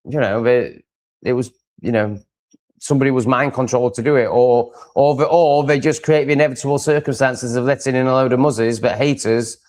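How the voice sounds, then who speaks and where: A man talks straight to his live-stream viewers, picking up their comments as he goes. He is loose and opinionated, and he wanders off on tangents full of fillers and restarts. His voice sits in an ordinary middle pitch. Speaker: livestream host.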